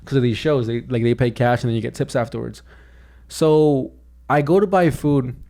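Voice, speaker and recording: A young man telling a story on a podcast in a loose, rambling way. His voice sits at an ordinary middle pitch, and he keeps restarting his sentences and saying "dude". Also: normal speed, mellow. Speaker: podcast co-host, comedian. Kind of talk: casual chat.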